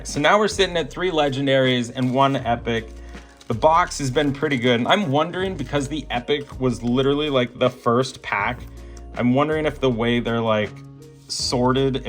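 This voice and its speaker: A man hosting a card-opening vlog, calling out each card and gushing when a big pull appears. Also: medium pitch. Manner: gushing, animated, breaks into laughter and shouts at big pulls. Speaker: card-opening channel host. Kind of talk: excited pack-opening vlog.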